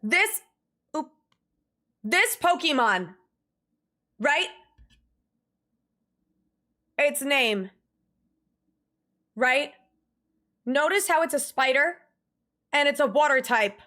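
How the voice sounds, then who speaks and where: A young woman streaming, chatting casually with viewers and ranting in an exasperated, animated way. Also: high-pitched, takes it slowly, pauses often. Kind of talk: casual livestream chat.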